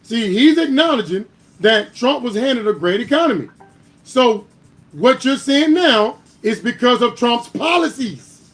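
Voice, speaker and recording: A man's voice: extremely high pitch, sing-song, a little slow, faint music behind. A man hosting a political commentary livestream, arguing hard and driving his points home with repeated "All right?". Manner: heated and argumentative, builds to louder bursts. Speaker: host.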